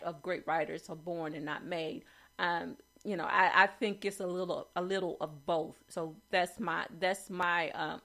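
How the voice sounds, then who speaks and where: Chatty woman with a low voice. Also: fairly bright tone. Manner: chatty, frequent fillers and restarts, asks okay. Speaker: host reviewing writing quotes. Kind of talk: casual commentary reading quotes.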